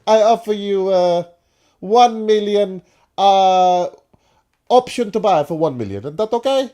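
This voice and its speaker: A man voicing a pushy male Italian football negotiator in a put-on Italian accent, haggling loudly. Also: high voice, expressive, measured pace, pitched above the performer's own voice. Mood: wheedling. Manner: loud, wheedling haggling.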